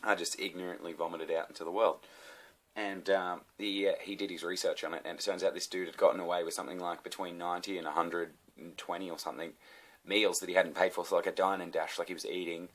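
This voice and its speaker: Australian male vlogger, very deep voice, loose sweary rambling rant. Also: flat delivery, fast, a bit bright. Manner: swearing, ranting, rambling with many fillers. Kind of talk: casual rant to camera.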